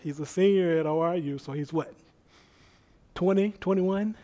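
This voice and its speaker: A man preaching, telling a story in an animated way, acting out the people he quotes and laughing often. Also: fairly high pitch, moderate pace. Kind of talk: sermon storytelling.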